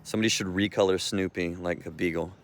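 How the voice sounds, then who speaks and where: A man's voice: low voice, fairly even intonation, fast talker. A man vlogging outdoors while walking his dog, talking in a loose, meandering way with restarts. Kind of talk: rambling walk-and-talk vlog.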